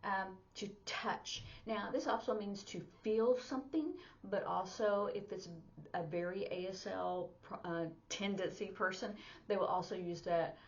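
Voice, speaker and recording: In a muffled recording, a woman gives a casual sign language lesson in a medium-pitched, steady, unhurried voice. Chatty and full of fillers, she walks through each sign step by step.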